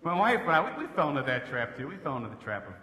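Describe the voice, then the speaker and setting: A man's voice: on the high side, sing-song, rapid-fire, sharp tone. A man doing a sarcastic, exasperated stand-up comedy routine on stage. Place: live comedy stage in an echoey hall. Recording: echoey hall with background noise.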